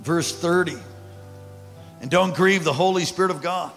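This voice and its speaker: A male pastor preaching a sermon, calling out to the congregation and swinging from quiet to loud. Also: sits high, normal speed, creaky. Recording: hall reverb with faint music.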